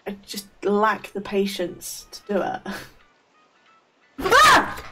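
Slow-talking woman streamer. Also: mid-range voice, flat delivery, distant mic, over loud music. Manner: rambling, stammering restarts, laughs often. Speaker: game streamer. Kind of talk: casual live-stream chat.

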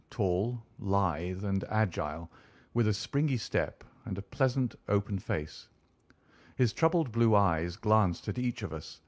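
A man narrating an audiobook in an even, measured storytelling manner. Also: lowish voice, no room sound.

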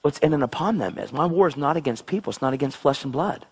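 Man, preacher, husky voice, very lively pitch, excitable sermon delivery. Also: fast. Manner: excitable, exclamatory, swings between low intensity and high outbursts.

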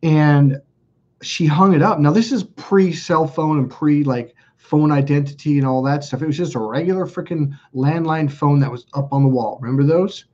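Male self-help host, husky and fairly high-pitched, animated storyteller, muffled lo-fi sound. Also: normal speed. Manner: animated storyteller, acts out quoted dialogue in raised voices. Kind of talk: casual spoken monologue to camera.

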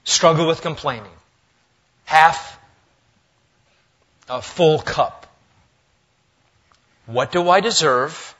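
A male pastor preaching a sermon in a church, lively and swinging between loud, emphatic lines and hushed asides. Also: a little high, very slow, long pauses, lo-fi sound. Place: church sanctuary.

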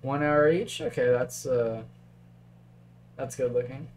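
A man talking through a chess game on a live stream in a loose, chatty way, musing over candidate moves and tossing replies to chat. His voice sits at an ordinary middle pitch, with a faint hum running underneath. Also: takes it slowly. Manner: chatty, thinks aloud, reads chat. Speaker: chess commentator. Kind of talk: casual live-stream commentary.

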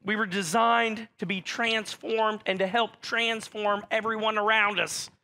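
High, bright-voiced man preaching a sermon. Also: flat delivery, a little slow. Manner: direct, conversational preaching addressing the church. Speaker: pastor.

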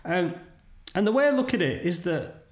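A man's voice: high voice, sing-song, moderate pace. A middle-aged man, a podcast guest talking casually and often tagging his sentences with "right?". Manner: chatty, keeps checking in with "right?". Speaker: podcast guest, dental marketing entrepreneur. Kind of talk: casual conversational interview. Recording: roomy echo.

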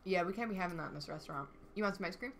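A woman's voice: lowish voice, very fast, fairly bright tone, a little hiss or hum. A woman streaming a cooking game, frantically calling out customer orders in casual chat.

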